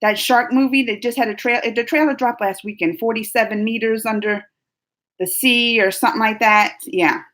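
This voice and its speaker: Her voice a little high and her pace moderate, a woman runs a casual live-chat video. She reads comments from viewers with playful energy, often breaking into laughter.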